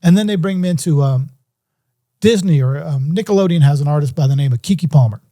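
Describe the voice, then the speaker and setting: A man's voice: on the high side, a little fast, dark tone. A middle-aged man and music producer telling a story in an interview, acting out phone calls in different voices.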